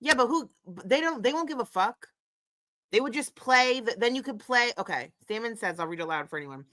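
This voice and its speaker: A woman's voice: a little high, lively intonation, fairly quick, sharp tone. A woman hosting a casual commentary stream, talking bluntly and profanely and getting worked up as she reacts. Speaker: commentary host.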